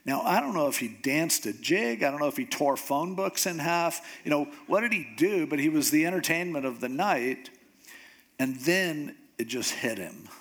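A man preaching a sermon in a conversational storytelling style, with jokey asides and animated delivery. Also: fairly high pitch, moderate pace.

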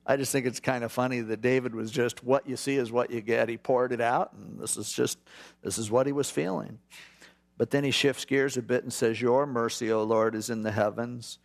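Gravelly-voiced man teaching casually. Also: medium pitch, steady tone. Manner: informal, acts out prayers in quick asides. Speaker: pastor. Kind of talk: conversational Bible teaching.

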